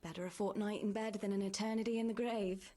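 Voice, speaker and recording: A young village woman from a story-driven video game, voiced by an actress, caring yet worn down by grief. Her voice sits at an ordinary middle pitch, soft and soothing, and often drops to a near hush as she speaks. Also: fairly even intonation, fast talker, close to an everyday voice. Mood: practical. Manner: gentle and soothing, often hushed. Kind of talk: game voice acting.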